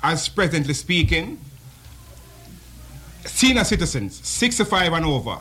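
A man's voice: fairly high pitch, big pitch swings, measured pace, sharp tone. A man with a Jamaican accent, a barber, talking about his shop in an easygoing way. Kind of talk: casual promo chat.

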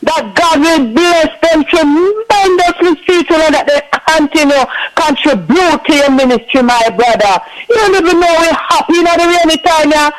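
A man's voice: very high-pitched, a little hiss or hum, poor audio. An older man with a Jamaican accent calling in to a radio show, effusive and full of blessings and praise. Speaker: radio caller. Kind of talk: casual call-in chat.

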